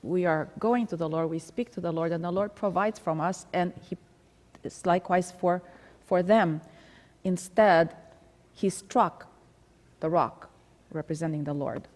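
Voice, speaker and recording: Low-voiced woman teaching in a reverberant church. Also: a little slow, pauses often, a little mellow. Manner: conversational, reads scripture aloud and explains. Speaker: Sabbath School teacher. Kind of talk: Bible study teaching.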